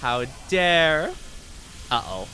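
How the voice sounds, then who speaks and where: A man streams a game and chats with viewers in a rambling, filler-heavy way. His fairly high voice is very animated but very slow, pushed and bright, and there's a little hiss or hum.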